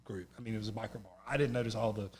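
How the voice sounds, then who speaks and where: A man from North Carolina in the US South talks rapid-fire in a lowish voice. As a podcast guest in casual conversation, he's an animated, funny storyteller who performs the voices of the people he quotes.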